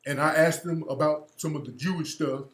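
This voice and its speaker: A combative male radio host delivers a profane, mocking monologue. His voice is high-pitched and bright. It rings in an echoey room. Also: steady tone, brisk.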